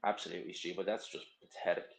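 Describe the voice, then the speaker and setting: A man's voice: low-pitched, fairly even intonation, very fast, vocal fry, reverberant, rough recording. A young man hosting a casual live stream, reading out viewer comments and answering in a blunt, rambling, opinionated way. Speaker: livestream host.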